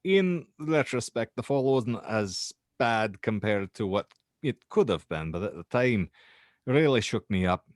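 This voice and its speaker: A young Scottish university student recounts a strange night, halting and restarting as he goes, with a man putting on the accent. The voice sits a little low. The sound is dry and close. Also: lively intonation, no room sound. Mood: uneasy recounting. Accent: put-on Scottish. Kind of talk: dramatic reading of a horror statement.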